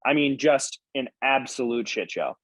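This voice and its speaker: A man's voice: medium pitch, lively intonation, normal speed, a bit bright, dry recording, lo-fi sound. A man in a casual podcast chat, telling a story animatedly and swearing casually.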